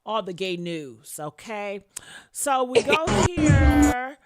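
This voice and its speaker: A woman's voice: fairly high pitch, big pitch swings, slow pace, very noisy. A woman hosting a casual gossip commentary show, blunt and sassy, calling her listeners honey and swearing freely as she reads comments. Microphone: camera mic with headphones on.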